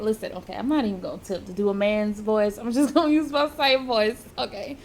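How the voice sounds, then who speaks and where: A woman's voice: mid-range voice, fast talker, few pauses. A woman reviewing and reading a comic aloud in a chatty, casual way, laughing between remarks. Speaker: manga reviewer.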